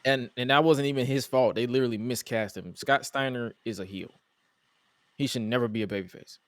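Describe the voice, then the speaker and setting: A man's voice: medium pitch, brisk, no room sound. A man hosting a casual wrestling review podcast, talking animatedly and acting out exasperated quotes. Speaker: podcast host.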